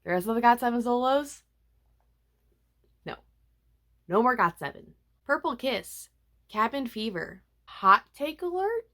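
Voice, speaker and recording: A young woman vlogger chatting casually about music releases, animated and self-mocking, with frequent asides. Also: fairly high pitch, unhurried, long pauses. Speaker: K-pop vlogger. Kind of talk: casual chatty album review.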